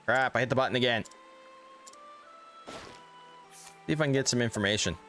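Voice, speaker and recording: A man's voice: mid-range voice, moderate pace, a bit bright, soft background music. A man streaming a video game, reading its text aloud with casual, joking asides. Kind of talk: casual let's-play commentary.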